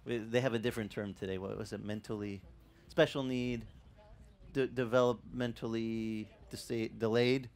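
A middle-aged male pastor giving a sermon, telling stories in an animated way and acting out the dialogue. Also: mid-range voice, normal speed. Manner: animated storytelling that acts out dialogue.

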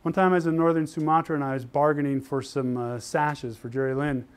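An older man from Utah giving an animated university lecture, telling stories and acting out the voices of the people in them. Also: on the high side, fairly quick, clear, resonant tone. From Utah, USA. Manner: lively storytelling, acts out quoted voices. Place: lecture hall.

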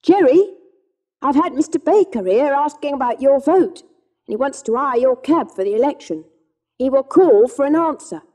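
A woman's voice: high voice, expressive, moderate pace, dark tone, pitched above the performer's own voice. A woman reading an audiobook voices a cab driver's bustling young wife, calling out with eager news.

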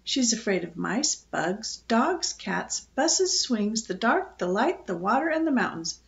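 A woman's voice: fairly high pitch, big pitch swings, a little slow, gravelly, muffled recording, full character voice. Woman reading a kindly, patient mother. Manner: gentle and encouraging, firm when needed.

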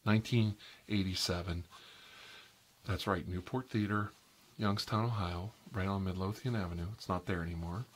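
An ASMR role-play creator, a man, whispers as a chatty, oversharing interior decorator who rambles and gossips, breaking into sudden high squeals and soft asides. His intonation is fairly even and his pace moderate.

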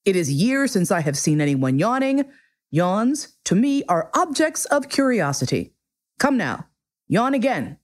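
A woman's voice: medium pitch, sing-song, a little slow. A woman voicing a proud, commanding male king in a storybook reading, speaking in formal, pompous decrees. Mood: imperious. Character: proud, commanding male king who gives grand orders.

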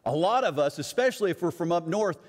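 A man's voice: sits high, animated, fast, long reverb tail. A middle-aged man preaching a sermon as a pastor, conversational and acting out other people's voices in his stories.

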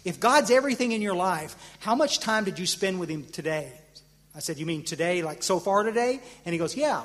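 A middle-aged man telling his personal recovery story to a convention audience. He tells it in an animated way, stammers and restarts often, pushes up for the punchlines and drops low for the reflective parts. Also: fast. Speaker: AA convention speaker. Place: convention hall. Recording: hall reverb from a live convention talk.

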